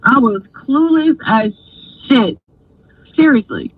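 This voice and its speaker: A woman host telling a story in a casual, animated, profane way, acting out other people's lines. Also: on the high side, slow pace, no room sound. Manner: animated, profane, acts out quoted voices. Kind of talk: casual storytelling on a live stream. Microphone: phone. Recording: dry, husky, phone-like sound.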